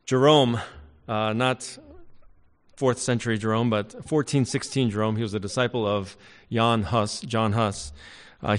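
A man delivering a sermon in a large church, his voice carrying a long reverb through the hall. He preaches with emphasis, rising to loud declarations and dropping to quiet asides, at an everyday male pitch. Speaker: pastor.

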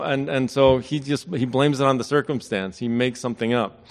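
A man's voice: medium pitch, normal speed. A man leading a church service as pastor, praying and then preaching in a conversational, self-deprecating way. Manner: conversational, self-deprecating, acts out quoted voices. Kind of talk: sermon. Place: church sanctuary. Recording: hall reverb.

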